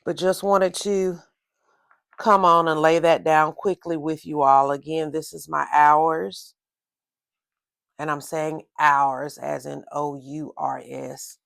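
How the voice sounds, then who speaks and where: Southern lady chatting thru a journal setup, easygoing and rambly, bit of fry in her voice. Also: low-pitched, no echo. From Southern United States. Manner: slow, relaxed, rambling with repeated "again". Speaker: journaling vlogger. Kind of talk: casual plan-with-me chat.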